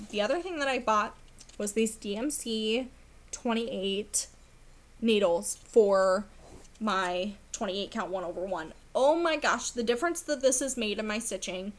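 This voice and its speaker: A young woman chatting casually about her cross stitch projects, rambling with lots of fillers and laughter, her voice going hoarse. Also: on the high side, measured pace. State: losing her voice. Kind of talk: casual chat.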